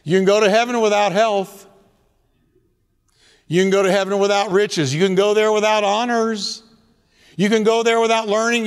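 Emphatic high-voiced male pastor preaching. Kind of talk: sermon. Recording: long hall reverb.

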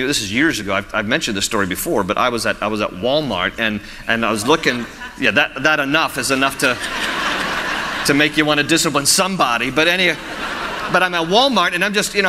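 A pastor with a high, pushed, bright voice preaches a sermon in a reverberant hall, blending scripture teaching with funny personal stories. His storytelling leans on self-deprecating humor and laughter.

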